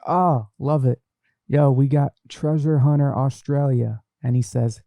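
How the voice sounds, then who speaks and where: A young host of a casual podcast reads comments from the live chat and chats about them, live-stream style. He sounds mellow and unhurried, with a steady, medium-pitched voice and some vocal fry. His desk microphone runs through a mixer, with no echo.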